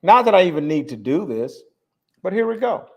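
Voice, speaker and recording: Man preaching with a lively, rising voice. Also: sits high, a little fast, creaky, husky. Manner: preaching cadence, stressing words, repeating lines. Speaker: online talk host. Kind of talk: live-stream monologue on religion.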